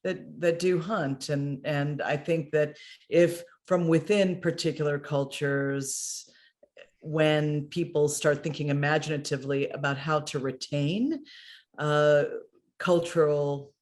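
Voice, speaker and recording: A woman's voice: low-pitched, fairly even intonation, slow pace, a little mellow. A woman hosting and moderating a conversation over a video call. She speaks thoughtfully, with many fillers. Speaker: host, moderator. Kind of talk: casual conversation.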